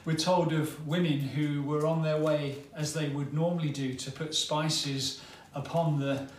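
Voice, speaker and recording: A man preaching a sermon, telling a story dramatically and leaving long pauses. He speaks very slowly and deliberately. His voice rings through a roomy church hall from a distance, with faint ambient sound behind it. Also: fairly high pitch, fairly even intonation.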